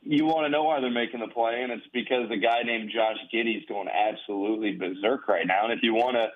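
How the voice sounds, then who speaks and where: Brief: man, sports talk co-host, calm stats talk, tinny lo-fi sound. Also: mid-range voice. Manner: measured, explanatory, stats-driven. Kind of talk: sports talk radio analysis. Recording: tinny phone-like line.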